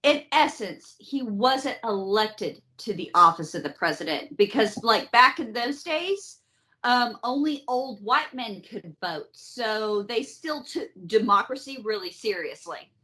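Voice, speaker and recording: A woman's voice: on the high side, unhurried. A woman hosting a podcast, telling history in a casual, profane, joking way. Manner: profane, animated storytelling with mock voices. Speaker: podcast host. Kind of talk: casual comedic history chat.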